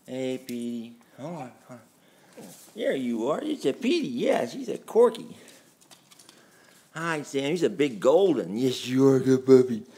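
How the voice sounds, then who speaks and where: A man's voice: mid-range voice, sing-song, unhurried, dark tone, husky. A man with a Texan accent, filming at home and talking casually, baby-talking to dogs and laughing often as he chats. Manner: coos and baby-talks to the dogs; laughs often, chatty and playful. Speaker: dog-sitting home vlogger. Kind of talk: casual home video talk. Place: home, indoors and in the yard. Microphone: handheld camera mic.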